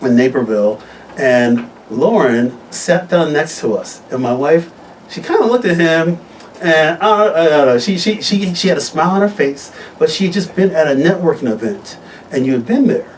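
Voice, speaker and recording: Animated male doctor hosting a radio show. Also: normal speed, distant mic, slight background noise, low-quality recording. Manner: upbeat, animated storytelling with wide pitch swings. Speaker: host, physician. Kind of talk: live radio health talk show. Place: radio studio.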